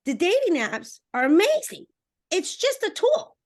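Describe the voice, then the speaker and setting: A woman dating coach talking as a podcast interview guest, energetic and emphatic, speaking straight to her listeners and acting out little voices. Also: normal speed. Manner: acts out voices with expressive pitch swings.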